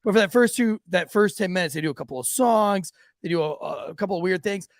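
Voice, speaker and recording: Fast and high-voiced, this podcast host and police officer is recorded clean, in studio quality with no room sound. He trades casual banter, laughing through profane stories from the job and imitating their characters.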